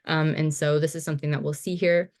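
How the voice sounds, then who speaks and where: A woman teaching over slides in a relaxed, casual manner, full of fillers and restarts. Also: low-pitched, fast talker. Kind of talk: recorded slide lecture.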